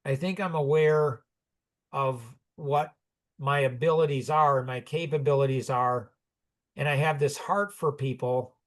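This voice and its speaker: A man in his sixties talks through his own stories in a loose, rambling way, circling back and restarting his sentences. He chuckles often as he goes. His voice sits a little higher than most men's. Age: 60s. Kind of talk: personal storytelling in conversation.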